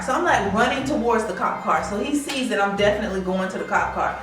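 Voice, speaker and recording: A woman's voice: medium pitch, quick pace, recorded from a distance, soft background music. A woman telling a personal story in a casual storytime vlog, acting out what people said. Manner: animated, acts out quoted lines. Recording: echoey room, away from the mic.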